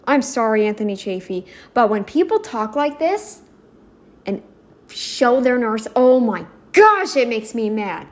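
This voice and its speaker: Slow, higher-voiced indignant woman. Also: big pitch swings. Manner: indignant, emphatic, talks back at the screen. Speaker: reaction video host. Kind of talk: reaction commentary.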